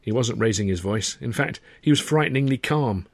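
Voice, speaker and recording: A man's voice: mid-range voice, lively intonation, brisk, creaky, dry recording. A man reading his own novel aloud, narrating with dry, wry timing and acting the dialogue. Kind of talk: audiobook narration.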